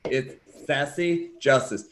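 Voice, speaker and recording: A man co-hosting a podcast in casual chat, excitable and teasing, with a fair bit of swearing. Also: medium pitch, slow pace. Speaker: podcast co-host.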